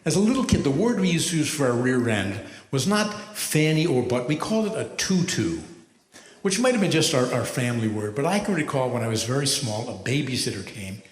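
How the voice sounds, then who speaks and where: A man in his seventies, a rabbi doing stand-up comedy, telling stories with a wry, measured delivery and deadpan punchlines. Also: mid-range voice. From United States. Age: 70s. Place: large hall with a live audience. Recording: echoey hall from far off.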